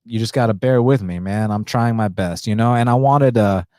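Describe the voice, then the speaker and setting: A podcast host, a man, talking in a subdued indoor voice, short of breath and pausing for deep breaths, blunt and profane. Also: warm tone, dry recording, studio quality. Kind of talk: casual podcast monologue.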